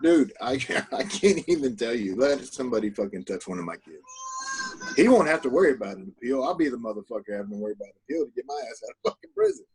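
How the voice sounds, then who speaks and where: A man's voice: medium pitch, huge pitch swings, quick pace, a little mellow, husky, low-quality recording. A man, a podcast guest, talking in loose, profane casual chat.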